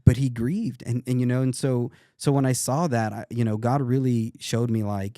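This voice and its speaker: A man in his thirties talks in an earnest, reflective way as a podcast guest. He often stops and restarts his sentences. His voice is mellow and dark, recorded close and dry. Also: medium pitch, steady tone, normal speed, few pauses, no room sound. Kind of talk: casual interview talk.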